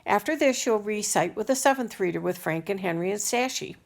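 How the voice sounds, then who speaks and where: A woman voicing a brisk, kindly woman schoolteacher, plain and matter-of-fact, in a storybook reading. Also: mid-range voice, lively intonation, lightly acted.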